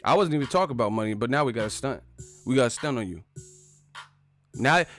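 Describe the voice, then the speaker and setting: A man hosting a live chat stream, talking casually and trash-talking commenters with loud bursts and laughs. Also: medium pitch. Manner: brash trash talk, frequent laughing.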